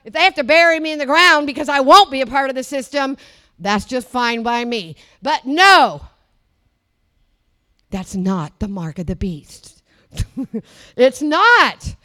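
Older female preacher from the US, high bright voice, fervent sermon delivery with hushed asides. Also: expressive, unhurried, pauses often. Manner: fervent, swings from loud declarations to low murmured asides.

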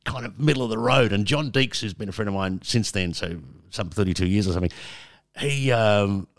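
A man's voice: lowish voice, a little fast. Aussie guy in his 50s, old radio dj, rambly stories, swears a bit, trips over words. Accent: Australian. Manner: rambling anecdotes, swears, frequent restarts. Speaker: radio presenter guest. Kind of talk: casual storytelling interview.

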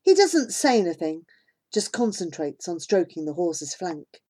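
A woman narrating a children's novel in first person as an audiobook, calm and measured. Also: fairly low pitch.

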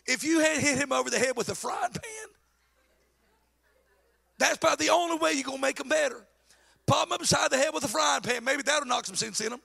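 A man preaches a sermon in a very high, gravelly voice. His tone is bright and forceful. He slides from low asides into shouted exhortation and acts out the voices he quotes with mocking flair. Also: fairly quick. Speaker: pastor.

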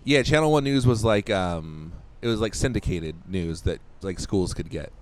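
Low-voiced man telling rambling stories. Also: expressive, moderate pace, a little hiss or hum. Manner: rambling storyteller, laughs often. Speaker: podcast co-host. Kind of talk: casual chat.

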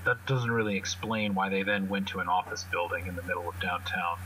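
A man's voice: low-pitched, little pitch movement, fairly quick, pushed and bright, a little hiss or hum, poor audio. A man casually describing his characters' actions in a tabletop role-playing game, rambling and swearing a little. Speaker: player. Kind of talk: tabletop role-play narration.

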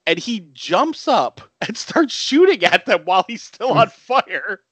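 A man's voice: high voice, sing-song, a little slow, a bit bright, slightly rough, dry recording. A man hosting a podcast who retells a film in casual chat, laughing often and swearing freely. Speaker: podcast host.

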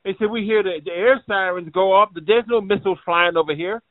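A man's voice: high-pitched, a little fast, no echo. A man hosting a show, ranting in a combative, profane, rambling way. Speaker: show host. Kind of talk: ranting commentary. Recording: tinny phone-like, dry sound.

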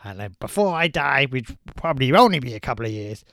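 A man's voice: medium pitch, big pitch swings, fast talker, a bit bright, no room sound, clean studio sound. A man putting on a boastful, crude older male film star, rambling as he brags. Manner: brash, rambling bragging.

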